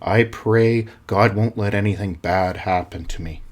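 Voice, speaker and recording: A man's voice: fairly low pitch, measured pace. A man voicing a stubborn, devout man who insists he will be protected. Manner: stubborn, self-assured.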